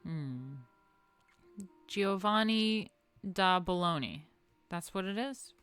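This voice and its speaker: A woman's voice: fairly low pitch, lively intonation, slow pace, a bit bright, smooth, dry recording, faint music behind. A woman hosting a casual art history chat, playful and loose, muttering asides and swearing freely.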